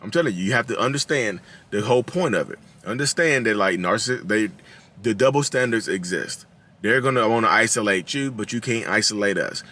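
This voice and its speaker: A man's voice: fairly low pitch, animated, brisk, sharp tone. A man in his thirties with a Southern drawl, hosting his own channel and talking casually to viewers, acting out quotes in a raised voice and laughing at his own jokes. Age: 30s. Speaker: channel host. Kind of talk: casual talking-head commentary.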